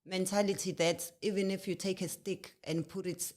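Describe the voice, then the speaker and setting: A woman's voice: on the low side, level tone, moderate pace, a little mellow. Thoughtful South African woman co-host. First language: Zulu. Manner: thoughtful, hesitant with uh and restarts, uses proverbs. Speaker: podcast co-host. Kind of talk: casual chat. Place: podcast recording in Britain.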